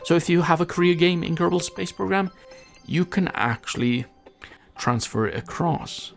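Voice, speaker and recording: A man's voice: on the high side, expressive, normal speed, creaky, faint music behind. A man giving casual gameplay commentary, chatty and rambling, mocking himself and often losing his thread.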